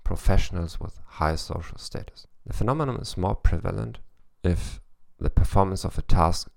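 A man with a German accent hosting a podcast, delivering a scripted monologue in a measured, lecturing way. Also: deep voice, creaky, darkish tone, dry recording. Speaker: podcast host.

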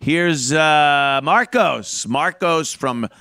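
Loud, profane male radio host. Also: on the high side, very slow. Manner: loud, rants, swears a lot. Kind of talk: profane casual radio banter.

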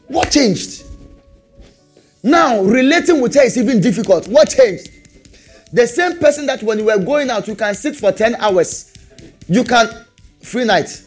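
Brief: lively male preacher, high husky voice, hammering rhetorical questions, quick to laugh. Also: faint music behind. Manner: animated, repeats rhetorical questions, laughs often. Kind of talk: sermon.

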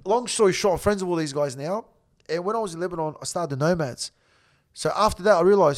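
Fast-talking, profane Australian man. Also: fairly high pitch. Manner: blunt, heavy swearing, animated retelling. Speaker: guest. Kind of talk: profane storytelling on a podcast.

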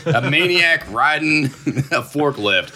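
A man narrating a comedic tabletop game as game master, playful and animated, often laughing as he tells it. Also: fairly high pitch, slow, slight background noise.

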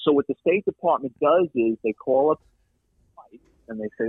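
A man telling a story from his police work in a casual chat, animated and profane, acting out the people he met. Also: medium pitch, moderate pace, pauses often, husky, dry recording, narrow, tinny audio. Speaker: guest, former police detective.

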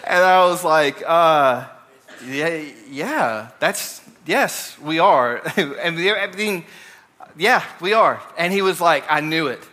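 Bright young man with an Alabama accent. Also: on the high side, expressive, takes it slowly. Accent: Alabama Southern. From Alabama, USA. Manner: conversational, many fillers and restarts. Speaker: preacher. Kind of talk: casual sermon with storytelling.

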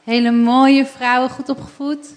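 Woman interpreting into dutch, higher voice, quick and matter-of-fact, echoey hall. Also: level tone. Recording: reverberant hall.

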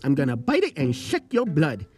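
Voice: mid-range voice, wildly swooping pitch, normal speed, darkish tone. A performer voicing a tiny, playful, cheeky vampire who talks in a teasing sing-song, with light music behind.

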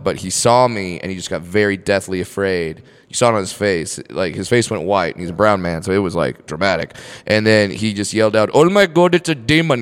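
A man's voice: sits low, smooth. A man in his forties, a comedian guest, casually telling self-deprecating stories on a podcast and acting out quotes in bursts. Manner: self-deprecating storyteller, animated acted-out quotes.

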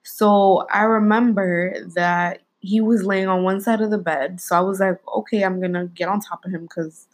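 A woman's voice: mid-range voice, fairly even intonation, moderate pace, few pauses, rough recording. Young woman telling a candid story. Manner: candid, slangy storytelling with many fillers. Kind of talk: casual chat.

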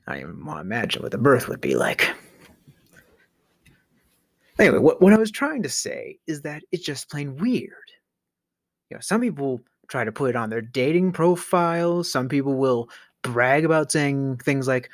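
A man delivering a scripted comedic rant, exasperated and sarcastic, sometimes dropping to a hushed whisper for emphasis. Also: a little high, lively intonation, moderate pace, dry recording, studio quality. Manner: exasperated, sarcastic ranting with mock disbelief. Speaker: comedic monologue host.

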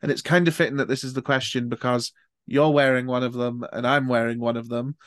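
A man's voice: medium pitch, level tone, brisk, fairly bright tone, no room sound. A man hosting a podcast, chatting casually and swearing freely. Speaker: podcast host. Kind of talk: casual chat.

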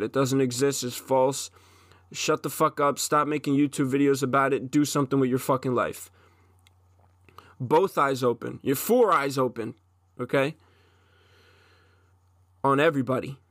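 A man's voice: medium pitch, fairly bright tone, no room sound, clean studio sound. A man in his twenties gives an intense, profane solo monologue as a podcast host, often restarting his sentences.

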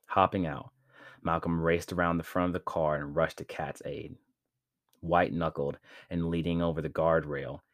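A man with a very low voice narrates a story in a measured, dramatic reading. The sound is dry and close, with no room echo. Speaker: podcast narrator.

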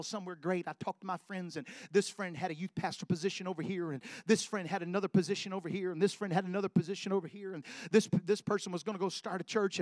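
A man preaching a personal testimony, telling his story and building to loud, emphatic preaching. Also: high-pitched, no echo, studio quality. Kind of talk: sermon testimony.

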